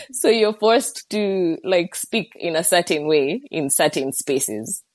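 A woman's voice: lowish voice, slow, no room sound. A woman from Kenya, talking casually in a book discussion, often laughing and saying "like". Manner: relaxed, laughs easily, hedges with "like". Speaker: book club guest.

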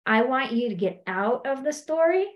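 A middle-aged woman talks like a coach giving a relaxed lesson, with a slightly high voice. She keeps it chatty and now and then acts out what other people say. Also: moderate pace, muffled recording. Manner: conversational, acts out quotes in high animated voices. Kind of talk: teaching talk.

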